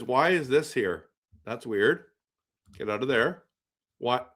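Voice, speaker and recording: A man's voice: medium pitch, lively intonation, slow pace, long pauses, a bit bright. Rambling man hosting a live stream. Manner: rambling, repeats himself, reads chat aloud. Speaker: livestream host. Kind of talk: casual live-stream chat and game reaction.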